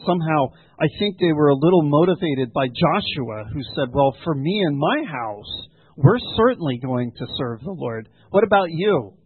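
Male preacher, slightly high voice, dry close sound, measured delivery with many pauses. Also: lively intonation, husky, dry recording. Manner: measured, frequent ums and pauses, explaining scripture. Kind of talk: sermon. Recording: dry, tinny phone-like sound.

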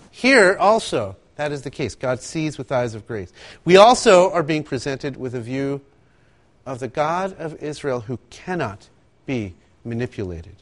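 High-pitched guy preaching, voice swoops all over, acts out little quotes. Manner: animated storytelling, acts out quotes, laughs often. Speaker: pastor. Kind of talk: sermon.

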